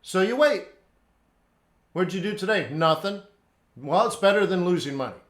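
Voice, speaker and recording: A man's voice: sits high, animated, moderate pace, a bit bright, roomy sound. A man teaching a live trading lesson, reading out chat questions and answering them bluntly, with lots of repetition. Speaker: forex trading instructor.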